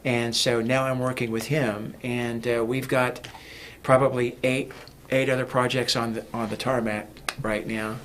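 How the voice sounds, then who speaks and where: A man's voice: mid-range voice, little pitch movement, measured pace, slight background noise. A man talking as a guest in a casual interview, rambling with many fillers and restarts. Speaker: guest, music producer.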